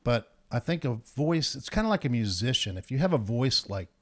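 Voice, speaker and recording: Midwestern male co-host, mid-pitched voice, chatty and explanatory. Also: sing-song, brisk, fairly bright tone. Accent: Midwestern American. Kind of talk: casual chat.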